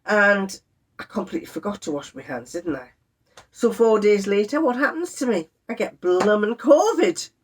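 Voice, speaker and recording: A woman's voice: medium pitch, normal speed, a little hiss or hum. Chatty woman telling a story. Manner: chatty, exasperated, animated when quoting others. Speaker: sewing vlogger. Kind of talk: casual storytelling to camera.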